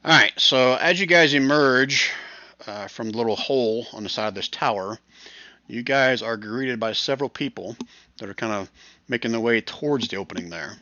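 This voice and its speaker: Male game master, bright, dry, dull lo-fi call audio, relaxed narration. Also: medium pitch, moderate pace, no room sound. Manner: relaxed, many fillers.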